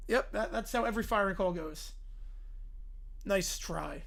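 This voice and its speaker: A man hosting a livestream, making dry, deadpan asides while reacting to a video. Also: high voice, measured pace, gravelly, long pauses. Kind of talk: casual reaction commentary.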